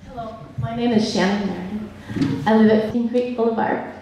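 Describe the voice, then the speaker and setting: A woman's voice: fairly high pitch, fairly even intonation, normal speed, over a noisy crowd, heavy background noise. Earnest, emotional woman commenter, distant room mic, big hall reverb. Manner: emotional, earnest, laughs nervously. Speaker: public commenter. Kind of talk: public hearing comment. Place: large echoey public hall. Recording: echoey hall, voice from far off.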